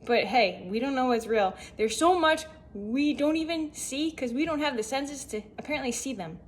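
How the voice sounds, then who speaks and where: A woman's voice: sits high, expressive, normal speed, a little hiss or hum. A young woman talking casually to camera, rambling through self-help thoughts with lots of rhetorical questions. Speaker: vlogger.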